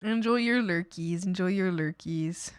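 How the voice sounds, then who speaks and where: A woman's voice: fairly low pitch, unhurried, clear, resonant tone, no echo, studio quality. A young adult woman chatting casually on a livestream while she draws. She is giggly and emotional, laughs often, and trails off and restarts her sentences. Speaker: art streamer.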